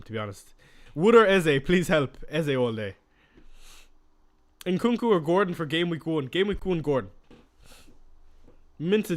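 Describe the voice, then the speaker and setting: Chatty young man streaming casually. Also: fairly high pitch. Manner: chatty, reacting to viewer questions. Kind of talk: casual live-stream chat.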